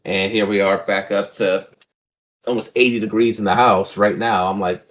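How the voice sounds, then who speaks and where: A young man in casual podcast chat, rambling and laid-back, with plenty of swearing. His voice sits a little low. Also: fairly even intonation, normal speed, a bit bright. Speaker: podcast co-host.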